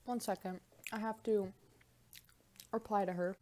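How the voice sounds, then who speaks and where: A woman's voice: mid-range voice, measured pace, a little hiss or hum. A young woman chatting casually in a vlog at home, rambling and swearing while she eats. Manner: profane, rambling, animated banter; talks while eating. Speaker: vlogger. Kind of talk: casual mukbang vlog chat.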